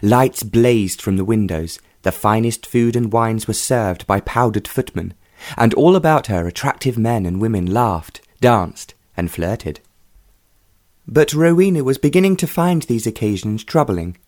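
Brief: male audiobook narrator, measured and even, dry close recording. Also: fairly low pitch, no room sound.

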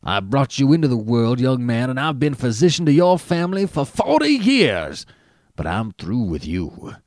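Man playing an indignant old doctor, cutting and loud, barking every word. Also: mid-range voice, big pitch swings, moderate pace, no echo, studio quality, close to an everyday voice. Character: irritable old male family doctor, sharp-tongued.

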